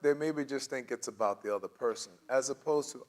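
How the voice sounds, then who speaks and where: Teaching a church conflict class conversationally, this man talks a little fast in a medium pitch. He animatedly performs quoted voices and laughs frequently.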